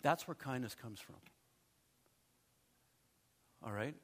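Preaching in a chatty way, a middle-aged man serving as pastor adds asides to his sermon and pauses for quick check-ins with the congregation. He speaks with a mid-range voice.

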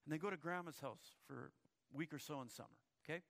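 Gravelly-voiced male preacher. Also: fairly high pitch, fast, fairly bright tone. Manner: storytelling, repeats words when starting. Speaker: pastor. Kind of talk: sermon.

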